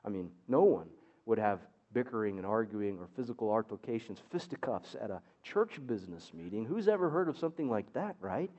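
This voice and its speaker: A man's voice: lowish voice, lively intonation, fairly quick, dark tone. Wry male preacher, dull lo-fi recording. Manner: wry, sarcastic asides. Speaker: pastor. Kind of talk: sermon.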